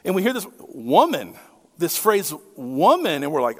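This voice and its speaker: A man's voice: a little high, very animated, moderate pace, a bit bright. A middle-aged male pastor preaching a sermon in a conversational way, often putting rhetorical questions to his listeners. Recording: long hall reverb.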